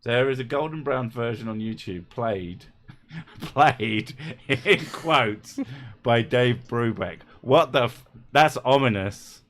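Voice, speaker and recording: Man, stream host, casual chat, jokey asides, swears a lot, mid-pitched voice. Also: expressive, a bit bright. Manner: joking, swears freely, quick asides. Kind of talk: casual comedic livestream chat.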